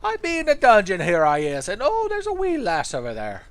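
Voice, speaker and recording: A man's voice: high-pitched, huge pitch swings, brisk, pitched above the performer's own voice, heavily acted. A man putting on a stage-Irish voice for a young man dithering in a dungeon, rambling in a lilting, singsong brogue. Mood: mock musing. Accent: put-on Irish.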